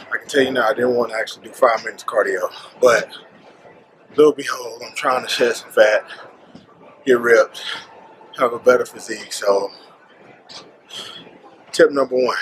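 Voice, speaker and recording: A man's voice: medium pitch, normal speed, pauses often, a little hiss or hum, low-quality recording. A man talking casually to camera in a fitness vlog, chatty and full of restarts. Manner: chatty, restarts and self-corrections. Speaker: fitness vlogger. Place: car and busy gym.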